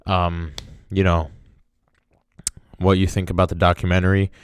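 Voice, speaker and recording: A man's voice: sits low, level tone, moderate pace, clear, resonant tone, dry recording. A young man hosting a podcast, giving a casual, emotional review in a rambling way, full of fillers like "dude" and "man". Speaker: podcast host.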